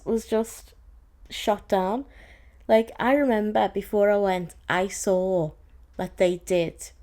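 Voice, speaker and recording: Mellow-voiced woman telling a story. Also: mid-range voice. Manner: chatty and exasperated, with frequent "like" fillers. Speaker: podcast host. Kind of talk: casual storytelling chat.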